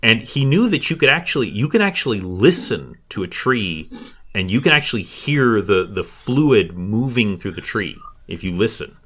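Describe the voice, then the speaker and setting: A man narrating as game master of a tabletop game, building suspense in a hushed, storytelling manner. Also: lowish voice, very animated, moderate pace, husky.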